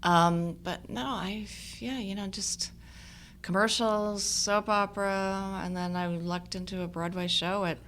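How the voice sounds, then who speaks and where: A woman in her sixties, an actress telling stories from her career in a relaxed chat, laughing often. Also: mid-range voice, unhurried, slight background noise. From United States. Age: 60s. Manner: animated storyteller, laughs often. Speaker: actress guest. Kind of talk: casual conversation.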